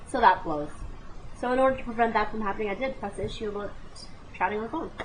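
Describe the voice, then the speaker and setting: A woman in her late twenties telling a comic personal story as a vlogger, animated and dramatic, with exclamations and asides to the viewer. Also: medium pitch, quick pace, a little hiss or hum, low-quality recording. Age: 20s.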